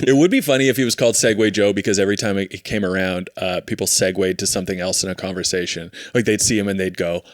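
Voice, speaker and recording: A man co-hosting a comedy podcast, tossing out quick deadpan jokes and wordplay. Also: sits low, no echo, studio quality. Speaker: podcast co-host. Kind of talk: casual comedic chat.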